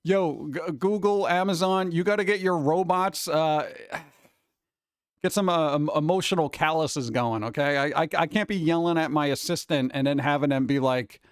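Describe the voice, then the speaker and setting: A man's voice: fairly high pitch, moderate pace, smooth, dry recording, studio quality. A man hosting a casual stream chat, rambling and mimicking gadget voices as he talks to his chat. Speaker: streamer host.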